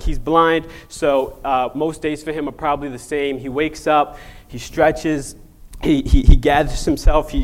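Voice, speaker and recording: A young adult man preaching in a relaxed, conversational way, often repeating words and using fillers. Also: fairly high pitch. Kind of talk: casual conversational sermon.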